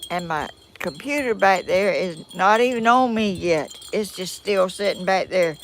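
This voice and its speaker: She's an older Southern woman from Georgia, USA, out in the sun doing a laid-back live-stream chat, self-deprecating and folksy while she struggles with her phone and tablet. Her medium-pitched voice has lively intonation and an unhurried pace, with a little hiss or hum in the audio.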